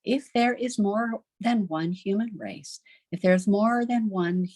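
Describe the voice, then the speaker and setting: A middle-aged woman teaching a recorded homeschool literature lesson, chatty and lively, often putting questions to her class. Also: mid-range voice, slow, no room sound.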